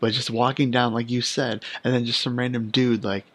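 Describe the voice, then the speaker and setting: A man's voice: mid-range voice, little pitch movement, a little fast. Young male podcast host, chatty and meandering, full of fillers. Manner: hesitant, rambling with many fillers. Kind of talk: casual chat.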